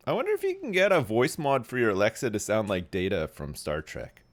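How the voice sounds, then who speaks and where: A man streaming a game live, rambling and joking casually. His voice sits low and relaxed as he talks. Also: fairly quick, hardly any pauses.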